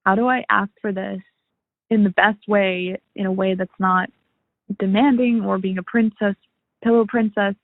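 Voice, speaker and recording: A woman in her twenties leaving a rambling, halting voicemail question for an advice show. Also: medium pitch, fairly even intonation, no room sound. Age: 20s. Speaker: caller. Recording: tinny phone line.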